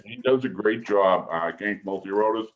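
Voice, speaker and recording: A man talks in a relaxed group chat, joking and bantering with friends. His voice sits low. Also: normal speed, narrow, tinny audio, over a noisy crowd. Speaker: panelist.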